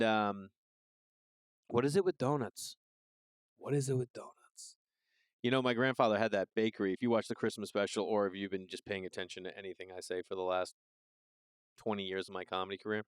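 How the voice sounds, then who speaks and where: A man in his forties riffs through a comedic monologue, loose and profane. His voice is smooth and full, and the recording is close and dry with no room sound. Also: fairly low pitch, dry recording. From Massachusetts. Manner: loose, profane, riffing with asides. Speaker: podcast host.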